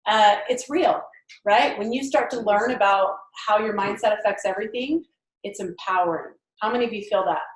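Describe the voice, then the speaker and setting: A woman's voice: fairly high pitch, reverberant, poor audio. A woman giving a team mindset training talk, enthusiastic and chatty, laughing often.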